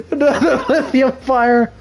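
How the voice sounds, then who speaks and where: A young man streaming games, telling a profane story in a casual, animated way and laughing often. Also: very high-pitched, slow, over loud music, rough recording. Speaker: game streamer.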